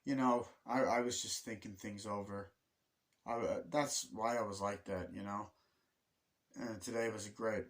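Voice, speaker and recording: A young man giving a casual spoken film review, rambling, swearing often and acting out scenes in quick quoted voices. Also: fairly low pitch, steady tone. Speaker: movie reviewer.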